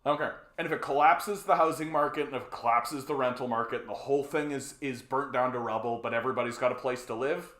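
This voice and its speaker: A man's voice: mid-range voice, quick pace, hardly any pauses, fairly bright tone. A man hosting a political livestream in a heated, profane rant that is full of repeated words and fillers. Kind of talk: ranting live-stream commentary. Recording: roomy echo.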